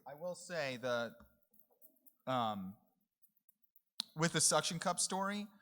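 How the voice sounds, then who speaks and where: A man in his forties takes the mic at a conference. His voice sits a little high for a man, and he speaks in an easygoing, lightly joking way. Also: expressive, slow, a bit bright. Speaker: conference presenter. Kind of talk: relaxed conference talk. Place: conference room.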